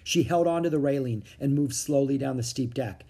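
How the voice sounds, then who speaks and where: A reader narrating a children's book in a steady storytelling manner. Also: mid-range voice, a little fast, breathy edge. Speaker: audiobook reader.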